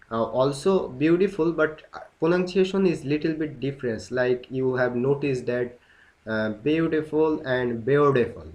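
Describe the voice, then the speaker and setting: A man's voice: on the high side, poor audio. A man from Bangladesh, talking hesitantly on a video call as a learner, often repeating words and restarting. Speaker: English-learner participant. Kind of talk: casual conversation on a video call.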